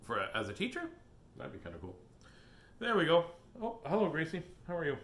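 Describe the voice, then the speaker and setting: A man's voice: fairly high pitch, wildly swooping pitch, fairly quick, fairly bright tone. Silly, playful man hosting a live stream. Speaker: host of a live children's book reading. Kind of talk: casual live-stream chat. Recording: echoey room.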